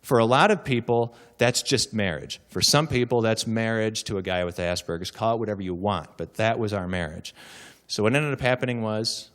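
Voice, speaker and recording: A man giving a humorous keynote, telling stories with animated comic timing and acted voices before a live audience. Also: fairly low pitch, moderate pace. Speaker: keynote speaker.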